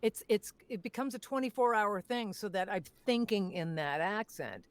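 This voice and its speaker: Expressive woman telling stories. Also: medium pitch, moderate pace, no room sound. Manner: expressive storyteller who acts out quotes. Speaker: voice actor guest. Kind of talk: casual panel chat.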